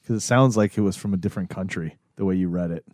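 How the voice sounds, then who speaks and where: A man's voice: low-pitched, quick pace, darkish tone, dry recording. Man, podcast co-host, casual chat, teasing, dry close sound. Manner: laid-back, swears casually, teasing. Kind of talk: casual chat among friends.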